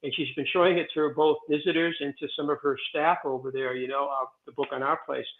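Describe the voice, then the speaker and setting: A man in his sixties, president of a historic stone site, is a guest telling stories in a casual interview, rambling and digressing with frequent fillers and restarts. His slightly higher voice stays fairly even in intonation and moves fast. It comes over a thin, tinny, phone-like line, as if he's calling in from elsewhere.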